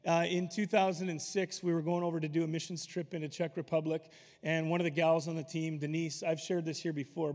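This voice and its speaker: A man's voice: fairly high pitch, darkish tone. A man preaching a sermon in a loose, conversational way, telling stories with asides. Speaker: pastor. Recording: long hall reverb.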